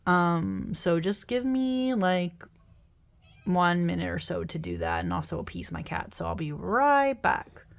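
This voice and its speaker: A young woman who reviews tarot decks chats casually as she flips through tarot and oracle decks, tired after work. Her lowish, creaky voice swings widely in pitch, and she talks unhurriedly, rambling, laughing and apologizing along the way.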